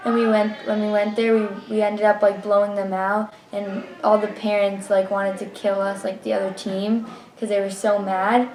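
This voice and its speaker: A woman's voice: medium pitch, flat delivery, normal speed, hardly any pauses, darkish tone, echoey room, rough recording. A young woman and former player, casually recalling games in an interview. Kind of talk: interview recollection.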